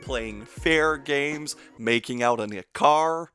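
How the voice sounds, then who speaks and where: A man's voice: mid-range voice, slow, bright, forceful tone, soft background music. A man narrating a casual, joking movie review in a sardonic tone. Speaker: film reviewer.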